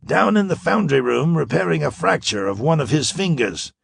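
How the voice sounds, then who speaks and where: A man doing a rasping old scientist. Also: a little high, normal speed, dry recording, studio quality, pitched above the performer's own voice, heavily acted. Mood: calm. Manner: calm, brooding. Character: older male scientist brain, rasping and fatherly. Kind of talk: audiobook character voice.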